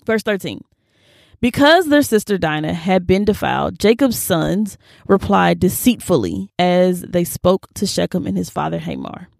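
A young woman hosting a casual Bible reading, expressive and slangy, reacting aloud as she reads. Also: lowish voice, moderate pace, vocal fry, no room sound, clean studio sound. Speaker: video host.

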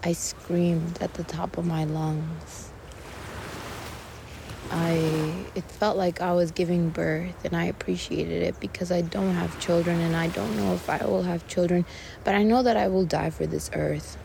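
A woman's voice: lowish voice, fairly even intonation, unhurried, gravelly, background noise. A woman hosting a podcast, speaking an earnest, meandering monologue while on a mushroom trip, with sighs and the odd swear word. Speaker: podcast host. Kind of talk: spoken reflective monologue.

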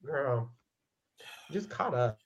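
A man's voice: mid-range voice, animated, very slow, dull audio. A man co-hosting a podcast, recapping a reality show in casual chat, blunt and profane with sassy asides. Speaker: podcast co-host.

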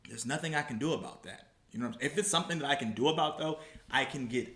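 A man's voice: mid-range voice, very fast, roomy sound. A man hosting a casual podcast chat, talking emphatically and animatedly. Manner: animated, emphatic, talks with "like" a lot. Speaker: podcast host.

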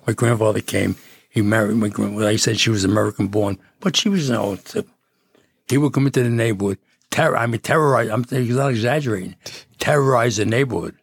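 An older man rambles through stories, restarting his sentences as he goes. His voice sits low, gravelly and husky, recorded close and dry. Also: fast talker, no echo. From Jersey City, New Jersey. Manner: rambling, with frequent restarts and chuckles. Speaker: guest. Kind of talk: casual storytelling.

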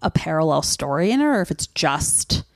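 A young woman co-hosts a podcast in easy, giggly chat, peppering her talk with "like." Her pitch swings a lot. The sound is dry and close. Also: sing-song, moderate pace, gravelly, dry recording. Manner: chatty, giggly, uses 'like' often. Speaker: podcast co-host. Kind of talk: casual chat.

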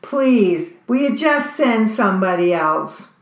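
A woman's voice: medium pitch, animated, slow pace. A woman voicing an insecure man who pleads and whines out excuses, in a roomy space. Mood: pleading. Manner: pleading, whiny. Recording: roomy echo.

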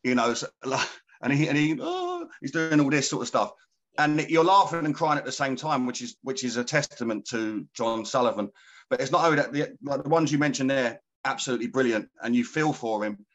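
A man chats on a podcast at a middle pitch, enthusiastically retelling scenes. His voice comes through dull and lo-fi. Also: expressive, brisk, a bit bright. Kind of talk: casual chat. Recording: dull lo-fi sound.

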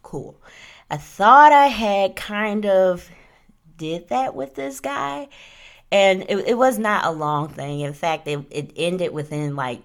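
Animated young woman telling stories. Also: medium pitch, takes it slowly. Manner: animated, acts out quotes, talks with "like" and "right?". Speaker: podcast host. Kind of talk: casual storytelling chat.

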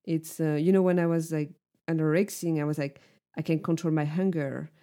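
A woman's voice: deep voice, fairly even intonation, brisk, warm tone. A woman co-hosting a podcast, speaking earnestly in casual chat and filling her sentences with "like". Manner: frequent "like" fillers, earnest. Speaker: podcast co-host.

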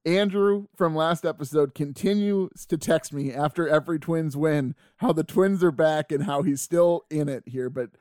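A man's voice: on the high side, normal speed, few pauses, a little mellow, no echo, studio quality. A man co-hosting a casual sports podcast, teasing his partner and laughing often. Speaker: podcast co-host.

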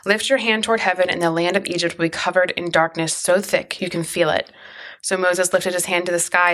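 A woman who co-hosts a talk show, reading a long scripture passage aloud in a steady, even way. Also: fairly low pitch. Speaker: podcast co-host and scripture reader. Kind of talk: casual chat, then plain scripture reading.

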